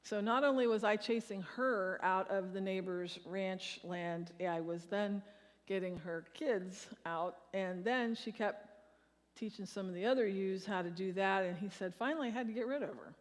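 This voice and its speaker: A woman pastor with a medium-pitched voice and fairly even intonation preaches to her congregation at a measured pace, leading them in reciting a psalm together. The sermon takes place in a large church sanctuary, and the recording carries a long hall reverb.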